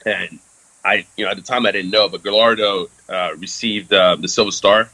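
A man's voice: on the low side, fairly even intonation, normal speed, pushed and bright, no room sound, low-quality recording. A man who served in the Army, telling a candid story in casual talk with lots of fillers and some swearing. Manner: frequent fillers, candid and profane. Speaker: interview guest, Army veteran.

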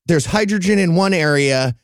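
A man co-hosting a comedy podcast, animated and laughing as he talks. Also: high-pitched, normal speed, dry recording, studio quality. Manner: animated, laughs while talking. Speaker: podcast co-host. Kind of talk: casual comedy podcast chat.

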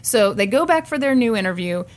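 A woman co-hosting a casual podcast, retelling a news story with quick laughs and mock voices for the people she quotes. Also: medium pitch, animated. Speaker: podcast co-host. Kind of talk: casual true-crime chat.

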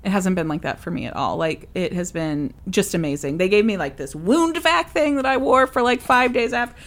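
A young woman co-hosting a podcast, chatting casually and telling a personal story with lively acted-out quotes. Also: medium pitch, a little fast. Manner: animated storyteller, acts out quoted voices. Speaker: podcast co-host. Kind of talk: casual chat.

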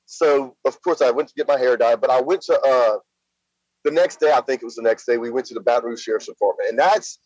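A middle-aged man from Louisiana, a guest recounting events in a plain-spoken, halting way full of fillers. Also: medium pitch, darkish tone, no room sound. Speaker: interview guest. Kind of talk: casual spoken storytelling. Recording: slightly dull lo-fi sound.

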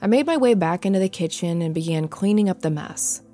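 A woman giving a measured, suspenseful first-person narration of a ghost story. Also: on the low side, animated, warm tone. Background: faint music.

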